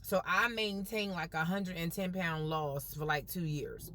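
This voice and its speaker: A woman's voice: fairly low pitch, fairly even intonation, a little slow, a bit bright, a little hiss or hum. A woman live-streaming from a car on her phone, chatting casually with her viewers in a folksy, upbeat way. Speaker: vlogger.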